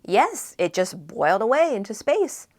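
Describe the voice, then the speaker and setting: A woman reading as a brisk, unflappable alien man. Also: medium pitch, big pitch swings. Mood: matter-of-fact. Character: unflappable alien man, matter-of-fact guide.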